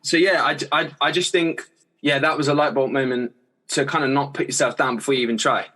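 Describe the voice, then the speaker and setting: A man's voice: mid-range voice, steady tone, a little fast, sharp tone, husky. A young man, a singer-songwriter talking casually as a podcast guest, rambling and laughing often with many restarts. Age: young adult.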